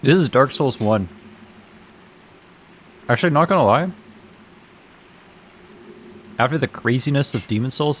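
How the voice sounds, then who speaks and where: A man's voice: mid-range voice, lively intonation, unhurried, long pauses, a little hiss or hum. A young man streaming a game, chatting casually in a rambling way, laughing, swearing and restarting his sentences. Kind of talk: casual gaming stream commentary.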